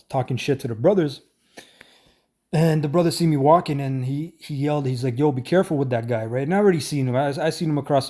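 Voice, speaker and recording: A man's voice: medium pitch, darkish tone. A man preaching a blunt, conversational street sermon, full of swearing and filler, who raises his voice to act out the exchanges he quotes.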